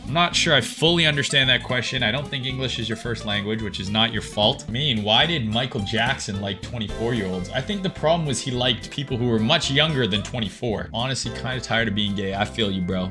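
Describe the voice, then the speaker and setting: A Canadian man streaming live as a crypto trader, breaking down charts and joking with his chat in a casual, profane way. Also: fairly low pitch. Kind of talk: live-streamed market analysis with chat replies.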